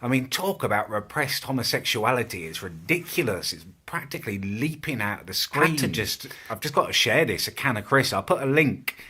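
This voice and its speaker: A man's voice: medium pitch, lively intonation, brisk, few pauses, pushed and bright, breathy edge. A man, ranting mockingly and incredulously in a casual vlog. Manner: mocking, incredulous, laughing at the subject. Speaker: YouTuber reacting to a video about him.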